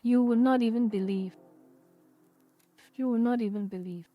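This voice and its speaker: A woman's voice: a little high, moderate pace, no room sound, dull audio, soft background music. A woman hosting a casual livestream, ranting in exasperation and repeating herself as she talks to her chat. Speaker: livestream host.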